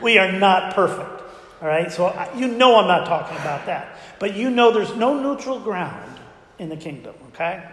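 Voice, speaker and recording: A high-voiced male pastor gives a conversational sermon in a church sanctuary, peppering his congregation with rhetorical questions. His slightly bright voice moves at a normal speed with big swings in pitch. It echoes through the spacious hall with a long reverb tail.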